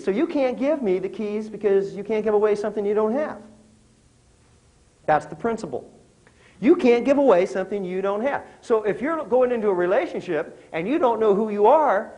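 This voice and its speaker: A man's voice: high-pitched, animated, moderate pace, mellow, low-quality recording. Conversational middle-aged man addressing an audience. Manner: conversational, questions the audience, tells jokes. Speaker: motivational speaker. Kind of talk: motivational talk to a live audience.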